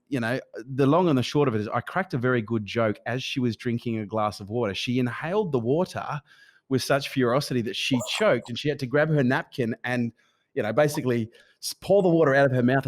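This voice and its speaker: Male host, animated, profane storyteller in casual interview chat. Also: medium pitch. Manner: animated storyteller, swears, acts out quoted people. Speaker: podcast host.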